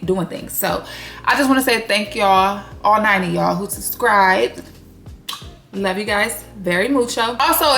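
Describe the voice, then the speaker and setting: A woman's voice: medium pitch, a bit bright. A woman hosting her own video channel, giving a casual, blunt and profane reality TV recap full of slang. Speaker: YouTube recap host.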